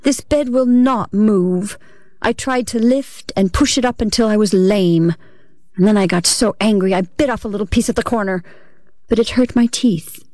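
A woman narrates a literary story in the first person, measured and expressive. Her voice sits at a middle pitch, neither high nor low. The sound is close and dry, with no room echo. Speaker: reader.

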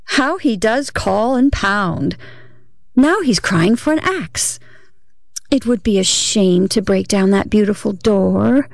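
A woman's voice: medium pitch, lively intonation, takes it slowly, gravelly, no room sound, studio quality. A woman reading a first-person story aloud, in a dramatic, unsettled manner with a shifting tempo. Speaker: reader.

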